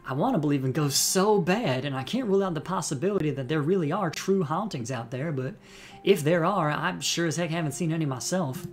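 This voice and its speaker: A man's voice: on the high side, animated, a little fast, faint music behind, voice pushed up, close to an everyday voice. A man voicing a chatty young female cryptid-hunting vlogger in a put-on Southern US accent, breezy and rambling. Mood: folksy.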